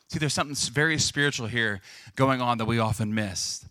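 A young man preaching a lively, joking sermon to a congregation, acting out the voices of people in his stories. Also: mid-range voice, a little fast, no room sound, clean studio sound. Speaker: pastor.

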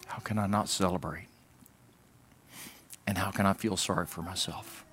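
Man preaching with loud and soft swings. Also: sits low, steady tone, moderate pace, slight background noise. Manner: conversational, swings between loud emphatic bursts and quiet asides; mimics whining voices in a comic way. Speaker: pastor. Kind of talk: sermon.

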